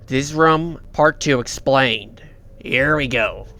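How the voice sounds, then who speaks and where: A man hosting a reaction video, narrating a story recap in a halting way, often repeating himself and restarting. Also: mid-range voice, bright, forceful tone.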